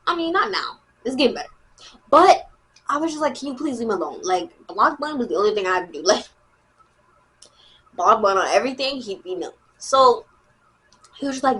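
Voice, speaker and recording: A woman's voice: a little high, brisk, pauses often. A teenage girl telling a story in a casual, slangy way, repeating herself and acting out what people said. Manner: animated, slangy, repeats herself, acts out quotes. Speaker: storyteller vlogger.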